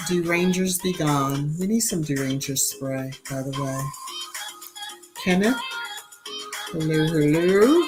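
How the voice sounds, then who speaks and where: Slow, chatty woman hosting a live stream. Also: low-pitched, music in the background. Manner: greets viewers by name between asides, chatty and relaxed. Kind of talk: casual live-stream chat.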